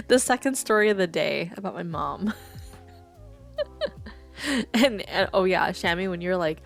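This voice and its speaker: A woman's voice: lowish voice, takes it slowly, creaky, pauses often, faint music behind. A woman streaming, telling stories in a casual, chatty way, laughing often and swearing. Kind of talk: casual stream chat, storytelling.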